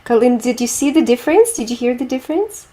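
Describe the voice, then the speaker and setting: A woman's voice: a little high, lively intonation, quick pace, dark tone. A woman teaching a group piano lesson, explaining technique with images and asking students questions.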